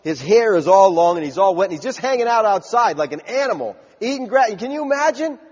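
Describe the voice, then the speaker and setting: A man's voice: sits high, very animated, fast talker. A man preaching a sermon in an emphatic, conversational way, heard on a dull recording in a large church hall with a long echo.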